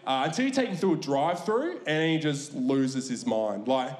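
A man's voice: a little high, animated, moderate pace, reverberant. A young Australian man doing a stand-up routine on a comedy club stage, laid-back and swearing as he tells a story.

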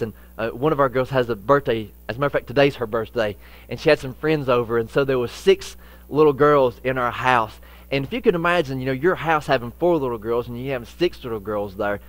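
A man preaching a sermon as pastor, with folksy phrasing, repeated phrases for emphasis, and dramatic swings between loud and hushed delivery. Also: medium pitch, dry recording.

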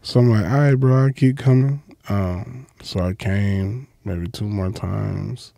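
A man, a comedian guest, telling stories in casual chat, profane and animated, acting out quotes with big leaps in his voice. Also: slow pace, creaky, no room sound, studio quality. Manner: profane, acts out quotes with big jumps in pitch.

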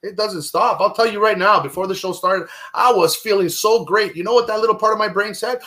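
A man's voice: high-pitched, brisk, few pauses. Emotional man sharing his recovery story. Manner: emotional, repetitive, swings loud and soft. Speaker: guest. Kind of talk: candid conversation about recovery.

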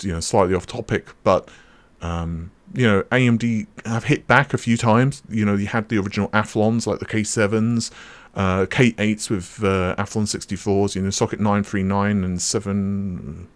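A man with a slightly low voice hosts a tech talk, speaking casually and unscripted. He rambles through frequent fillers, restarts and self-corrections. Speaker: tech channel host.

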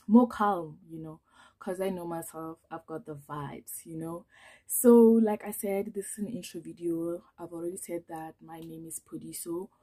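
A young woman talks casually to camera in a nervous, chatty way, filling her speech with ums. Her voice is low-pitched, mellow and a little husky. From South Africa. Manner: nervous, chatty, many fillers. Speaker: vlogger.

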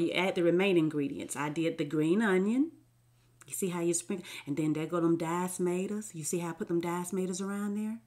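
A middle-aged woman, chatting casually to viewers while showing a recipe in the kitchen, often sinking to a soft murmur. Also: lowish voice. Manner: folksy, chatty, talks straight to viewers. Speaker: home cook showing a recipe. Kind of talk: casual cooking demonstration.

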